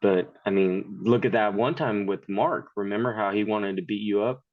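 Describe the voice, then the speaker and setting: A man's voice: lowish voice, fairly even intonation, moderate pace, no echo, phone-quality sound. A man in his thirties, a podcast guest, chatting casually in a blunt, profane way and laughing often. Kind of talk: casual chat.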